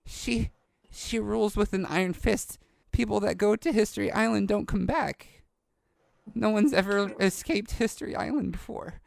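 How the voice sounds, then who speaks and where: A man's voice: high voice, normal speed, vocal fry, dry recording, pitched above the performer's own voice. A man voicing a nervous, bookish young boy wizard who stammers eagerly in a tabletop game. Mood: grave. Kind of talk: tabletop game role-play.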